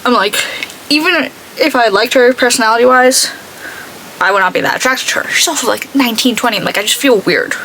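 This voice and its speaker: A woman's voice: fairly high pitch, brisk, sharp tone, a little hiss or hum, poor audio. A young woman chatting casually while doing her makeup, rambling through a story and quoting herself with lots of "I'm like.". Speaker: beauty vlogger.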